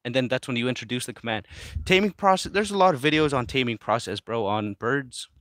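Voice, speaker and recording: Chill dude reading chat on a phone stream, mid pitch, dry close sound. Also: male voice, animated, fairly quick, fairly bright tone, no room sound. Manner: laid-back, mumbly, talks to his pets. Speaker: livestream host reading chat. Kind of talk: casual livestream chat.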